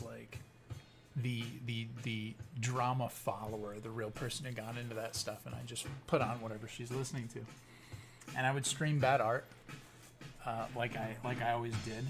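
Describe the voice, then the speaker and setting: A man's voice: mid-range voice, steady tone, moderate pace, soft background music. Rambling, profane middle-aged man vlogging. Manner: rambling, profane, many restarts. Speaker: YouTube commentator. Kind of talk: casual storytelling commentary.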